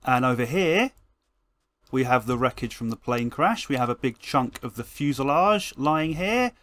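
A man's voice: mid-range voice, animated, moderate pace, a bit bright. A man giving a comedic, scripted tour of a video game build, playful and wry with self-mocking asides.

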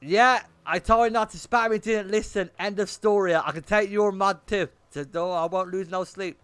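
A man's voice: sits high, steady tone, normal speed, a bit bright, clear, resonant tone, no echo. A young man streaming a game, chatting bluntly with his viewers and swearing often. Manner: blunt and swearing, talking to chat in bursts. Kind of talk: casual livestream chat while gaming.

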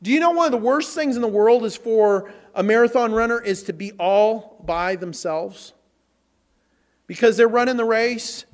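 With a high-pitched voice, a pastor gives an energetic church sermon. He performs the lines he quotes and keeps repeating words for effect.

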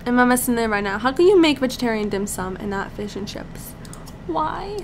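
A young woman giving casual commentary over a life-sim game, chatty and easily excited, talking to the characters on screen. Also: a little high, brisk, a little hiss or hum. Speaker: let's play commentator.

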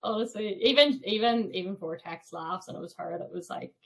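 A woman's voice: mid-range voice, brisk. A young woman guest on a podcast, telling hiking stories in a chatty way, laughing often and full of fillers. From Ireland. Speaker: podcast guest, thru-hiker. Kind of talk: casual storytelling interview.

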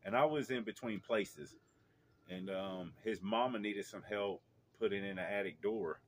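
Low-voiced man telling a rambling story. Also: unhurried, slight background noise. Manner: rambling, many fillers and restarts. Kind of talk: casual storytelling. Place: outdoors in a yard.

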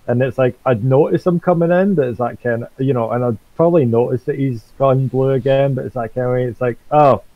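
A man's voice: medium pitch, quick pace, hardly any pauses, no room sound. A man playing in a tabletop game, chatting in a rambling way with lots of fillers. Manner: rambling and laughing, many fillers. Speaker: player. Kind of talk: casual chat at a tabletop game. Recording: dry, tinny phone-like line.

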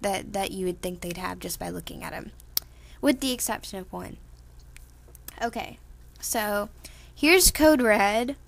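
A woman's voice: mid-range voice, a bit bright. Young woman chatting about her fan project, rambly, lots of um and like, medium voice. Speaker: organizer of a fan voice-acting project. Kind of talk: casual casting-call explanation.

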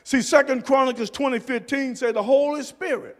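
A pastor preaching a sermon, dropping to soft low murmurs and rising to shouted emphasis. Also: male voice, steady tone, fairly quick, in a large hall. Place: church sanctuary.

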